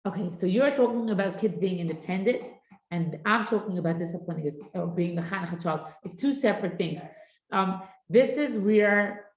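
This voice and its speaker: A woman's voice: medium pitch, fairly quick. Middle-aged woman, parenting class teacher, storytelling lecture, room echo. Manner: lively storyteller who acts out family dialogue. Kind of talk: lecture with anecdotes. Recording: echoey room.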